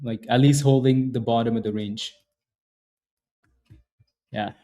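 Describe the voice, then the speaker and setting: A man's voice: mid-range voice, steady tone, measured pace, mellow. A man hosting a day-trading livestream, chatting casually and repetitively with viewers in chat and hyping up trades. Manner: repetitive, hyped, chatty, addresses viewers by name. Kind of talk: casual live market commentary to chat.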